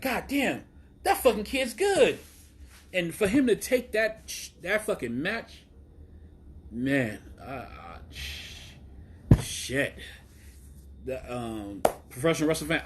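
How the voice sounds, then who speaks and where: A man hosting a wrestling show alone, ranting in a rambling, profane, excitable way with lots of fillers. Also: a little high, slight background noise. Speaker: wrestling podcast host. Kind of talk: solo casual rant.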